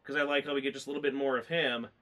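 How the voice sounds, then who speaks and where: In casual chat, a male movie reviewer rambles emotionally, choking up and tearing as he talks and using lots of fillers. His mid-range voice is flat in delivery yet racing, pushed and bright.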